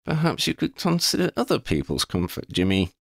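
A man voicing a polite, careful young wizard who speaks in a measured, tactful way. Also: medium pitch, very animated, gravelly, dry recording, clean studio sound, pitched above the performer's own voice.

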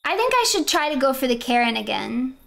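A woman's voice: high-pitched, sing-song, brisk, vocal fry, fairly bright tone. A young woman streamer giving casual, rambling gameplay commentary, often breaking into giggles.

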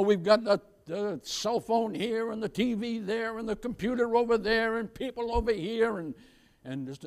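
A male pastor preaching with a high, ringing voice. He calls the congregation "beloved," asks for amens and draws out key words slowly for weight. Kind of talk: sermon.

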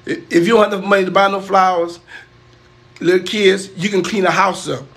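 High-voiced older man, preachy and defensive. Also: little pitch movement, brisk, a bit bright, roomy sound. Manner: defensive, preachy, repeats himself. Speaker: uncle on a livestream. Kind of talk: casual livestream banter.

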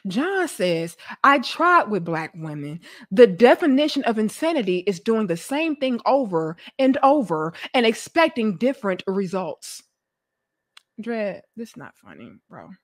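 Woman livestreamer, melodramatic pleading with chat, shouts then mutters, slow-paced. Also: no echo, clean studio sound. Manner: dramatic, theatrical despair, swings from shouting to low mutters. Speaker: livestream host. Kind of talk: live-stream commentary reacting to chat.

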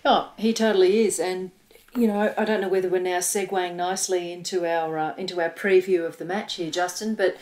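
A woman's voice: on the low side, fairly even intonation, brisk, a little mellow. An Australian woman co-hosting a casual podcast, enthusiastic and agreeable as she reads listener comments. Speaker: podcast co-host.

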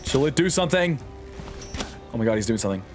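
A man's voice: mid-range voice, sing-song, fast, music in the background. A man streaming a game live, joking and swearing as he talks to his chat and the game characters.

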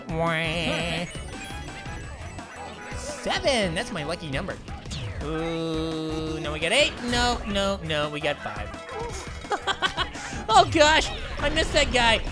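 Annoying Orange, a squeaky hyper talking orange. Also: male voice, slow pace, exaggerated voice. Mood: excited. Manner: excitable, silly, stutters and repeats words. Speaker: gaming channel host. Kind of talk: excited gameplay commentary. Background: game music.

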